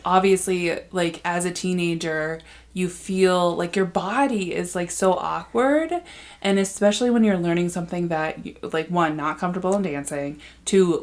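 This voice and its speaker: A young woman co-hosting a podcast in casual chat, rambling and filling her talk with "like" and restarts. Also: lowish voice. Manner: rambling, full of "like" fillers and restarts. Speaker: podcast co-host.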